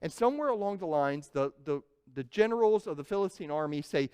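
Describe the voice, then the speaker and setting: A man preaching a sermon as a pastor, telling the story with animated energy and acting out panicked crowds. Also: fairly high pitch, fairly quick, clear, resonant tone. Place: church sanctuary. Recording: church sanctuary with long reverb.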